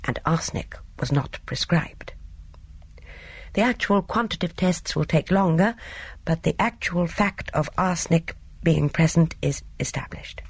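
A woman voicing a grave, cautious middle-aged man in an audiobook, speaking in a measured, grim way. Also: deep voice, husky, no room sound, exaggerated voice. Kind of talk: audiobook character voice.

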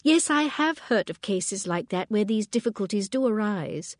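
A woman reading the part of a gentle elderly spinster detective who asks mild, probing questions in an audiobook. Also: mid-range voice, expressive, moderate pace, no room sound, studio quality, voice pushed up, close to an everyday voice.

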